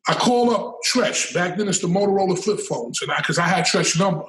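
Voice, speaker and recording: A man's voice: high-pitched, lively intonation, fairly quick, fairly bright tone, recorded from a distance. A man as a podcast guest, telling stories in a casual interview, emphatic and profane, often repeating words as he builds a point. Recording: roomy and off-mic.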